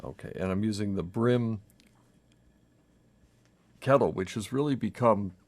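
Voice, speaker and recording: A man hosting a coffee brewing video at home, talking in a halting, self-interrupting, nervously chatty way while he brews for the camera. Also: fairly low pitch, darkish tone, a little hiss or hum. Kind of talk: casual on-camera brewing demo. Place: home kitchen. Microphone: camera mic with a crew.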